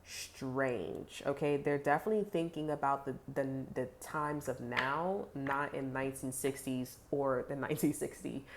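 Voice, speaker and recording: Woman, casual tarot reader talking to camera, low-pitched, profane, rambling with fillers. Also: fairly even intonation, moderate pace, hardly any pauses, noisy background. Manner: chatty and blunt, heavy swearing, many "like" fillers. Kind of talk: casual tarot reading to viewers.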